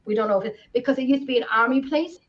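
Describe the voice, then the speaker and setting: A woman's voice: a little high, very fast, muffled recording, a crowd in the background. An Irish woman co-hosting a live video podcast, talking casually and rambling with many restarts. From Ireland. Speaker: podcast co-host. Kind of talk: casual chat. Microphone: video call.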